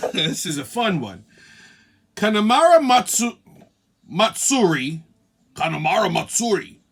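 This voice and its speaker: Cussing comedy host guy, bright voice, swings up and down a lot, cracks himself up. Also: sits high, slightly rough. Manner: profane, laughs at his own jokes. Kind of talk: comedic monologue podcast.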